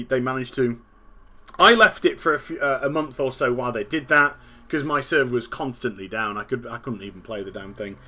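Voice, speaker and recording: A man's voice: fairly high pitch, sharp tone. A man in his thirties hosting a gaming show, ranting casually, exasperated and sweary, repeating himself and laughing at his own jokes. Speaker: gaming podcast host.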